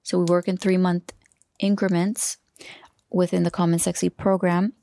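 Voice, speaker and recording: Low gravelly woman doing a solo coaching podcast, dry close sound, rambles a bit. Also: completely flat delivery, a little fast, mellow, dry recording. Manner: loose, talks through restarts, drops into a whisper now and then. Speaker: podcast host and life coach.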